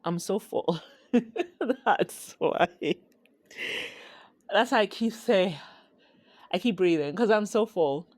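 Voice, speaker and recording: A woman from Ghana hosting her own podcast, talking in a slow, heartfelt, reflective way. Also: medium pitch, animated, darkish tone, no room sound, studio quality. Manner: slow, heartfelt, with sighs and laughs. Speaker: podcast host. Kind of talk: reflective solo podcast talk.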